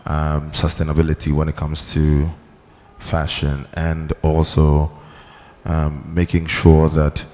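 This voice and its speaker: A man's voice: very deep voice, completely flat delivery, slow, mellow. A man with a Ghanaian accent introducing himself on a panel in a large hall, laid-back and hesitant, with many fillers. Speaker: panelist, gallery creative director. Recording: long hall reverb.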